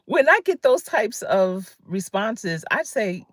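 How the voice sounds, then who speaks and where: A woman's voice: medium pitch, very animated, slow, no room sound, clean studio sound. A woman in her fifties, a career coach, giving an emphatic, conversational motivational talk on a livestream and greeting viewers by name. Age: 50s.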